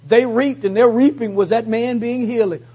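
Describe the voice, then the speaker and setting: A man preaches a sermon in a high, husky voice, swinging between hushed asides and fervent, rising calls. The recording is dull and muffled, like a church service taped on modest gear. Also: steady tone, normal speed. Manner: call-and-response preaching, rising to fervent peaks; repeats phrases for emphasis.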